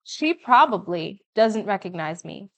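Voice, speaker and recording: A woman's voice: mid-range voice, very animated, measured pace. A woman reading aloud the lines of a proud Cuban rebel father home from the revolution. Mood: teasing. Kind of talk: audiobook reading.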